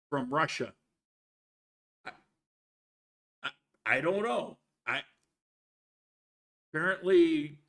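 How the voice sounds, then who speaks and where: A man's voice: a little high, a bit bright. A man hosting a live stream, greeting viewers by name and chatting casually with frequent restarts. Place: living in Colombia.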